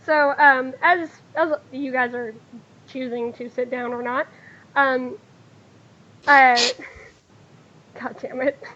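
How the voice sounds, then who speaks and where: A woman narrating as game master of a tabletop game, halting, with many fillers. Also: high voice, steady tone, a bit bright, dull audio, slight background noise. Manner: hesitant, with many fillers and laughs.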